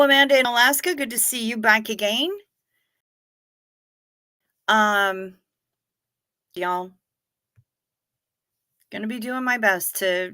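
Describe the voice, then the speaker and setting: A woman's voice: medium pitch, bright, forceful tone. A woman hosting a casual livestream, chatting frankly with her viewers, greeting them by name and swearing offhandedly. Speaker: livestream host.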